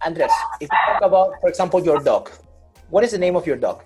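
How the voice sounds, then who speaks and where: A man's voice: on the high side, animated, fast talker, darkish tone, breathy edge, soft background music, rough recording. A man teaching an online English grammar class over a video call, patient, repeating and rephrasing with many fillers.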